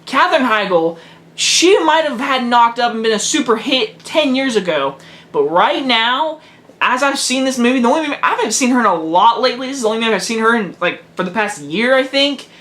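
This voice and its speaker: A man's voice: very high voice, animated, brisk, bright, forceful tone. A teenage boy giving a casual video movie review, blunt and emphatic, hammering his verdicts home again and again. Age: teens.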